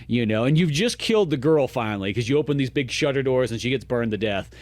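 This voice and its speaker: A man co-hosting a podcast in casual chat, animated and acting out characters' lines in a raised voice. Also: mid-range voice, fast, no room sound. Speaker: podcast co-host.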